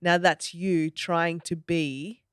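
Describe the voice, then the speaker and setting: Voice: medium pitch, slow pace, smooth, no room sound, clean studio sound. A podcast host reflecting on a film in casual talk, acting out quotes and often checking in with "you know?". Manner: animated, acts out quotes, asks "you know?".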